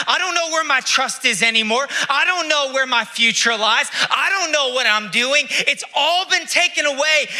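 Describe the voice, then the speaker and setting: Distraught grieving woman, voice pushed high and loud, anguished questions tumbling out, as a preacher puts her on. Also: full character voice. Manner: anguished rhetorical outpouring, raised voice.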